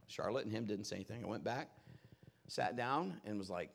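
A man's voice: on the low side, animated, a little fast, vocal fry, a little hiss or hum. A male pastor preaching a conversational storytelling sermon in a folksy, personal way with rambling asides.

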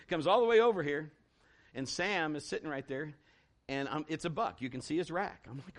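A middle-aged man preaching a sermon as a pastor, telling a folksy story in an animated way with lots of restarts and acted-out quotes. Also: fairly high pitch, normal speed.

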